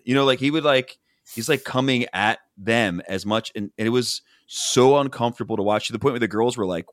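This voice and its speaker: A man's voice: medium pitch, brisk, dry recording, clean studio sound. A man hosting a podcast, telling a reality-show recap in casual chat and acting out the people's lines. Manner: animated storytelling, acts out quotes from the show.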